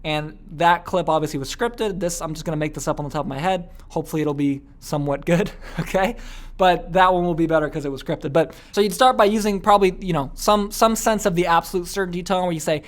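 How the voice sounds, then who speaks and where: A man teaching a sales training lesson, energetic and often checking in with "okay?". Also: a little high, fast. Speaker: business coach.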